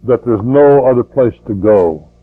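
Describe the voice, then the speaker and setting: A man's voice: mid-range voice, measured pace, phone-quality sound. An older man preaching a sermon in a folksy way, repeating words and rising to fervent emphasis.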